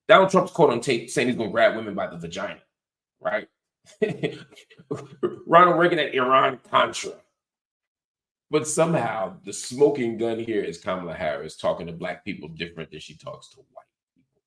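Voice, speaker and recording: Deep-voiced sarcastic man. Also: normal speed. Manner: animated, sarcastic, mocking. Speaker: host. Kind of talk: political commentary.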